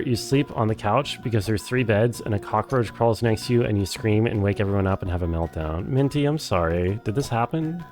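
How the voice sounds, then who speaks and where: A man streaming a game, chatting casually and reading chat aloud in a rambling, deadpan, self-deprecating way. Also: medium pitch. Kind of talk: casual live-stream chat while playing.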